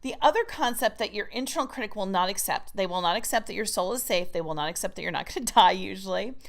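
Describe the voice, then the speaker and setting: A woman's voice: mid-range voice, lively intonation, quick pace, creaky. A woman teaching a recorded writing course in an emphatic, chatty manner. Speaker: writing coach.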